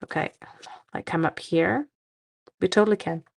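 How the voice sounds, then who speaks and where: A middle-aged woman from Canada chats playfully through a card-making livestream, her low voice gravelly and a little husky. She sounds tired but keeps talking to her viewers as she works. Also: moderate pace. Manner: playful, chatty, talks to viewers while working. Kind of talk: casual crafting livestream chat.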